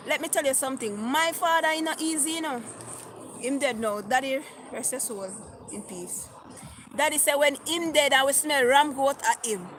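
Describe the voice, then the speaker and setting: This middle-aged Jamaican vlogger reads her viewers' comments out loud during a livestream, chatting and sprinkling in patois as she records on her phone. Her high-pitched voice is a bit bright, and there's slight background noise.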